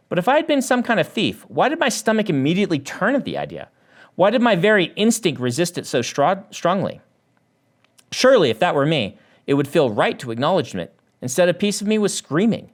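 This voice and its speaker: Male author reading his own novel aloud, a little high, with a lively, animated delivery. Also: fairly quick. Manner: animated reading that lifts the voice for dialogue.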